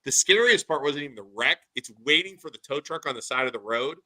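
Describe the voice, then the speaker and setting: A man in his thirties hosting a casual podcast, telling a story in an animated way and saying "dude" a lot. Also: a little high, fast, rough recording. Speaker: podcast host.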